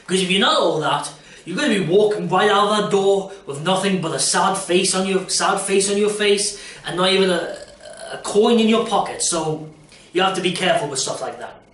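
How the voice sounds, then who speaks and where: An aspiring performer, a young man with a high-pitched, fairly quick and slightly bright voice, rambles jokily about auditions and performing in a casual self-recorded talk. He leans on fillers, especially "you know". The recording is from an echoey room, well away from the mic.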